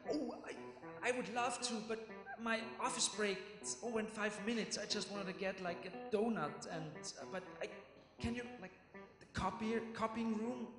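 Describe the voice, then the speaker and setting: A man's voice: sits high, normal speed, pitched above the performer's own voice, close to an everyday voice. A man voicing a nervous young male office clerk who stammers and fusses, recorded in an echoey hall with music behind. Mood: flustered. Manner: hesitant, stammering, fussy.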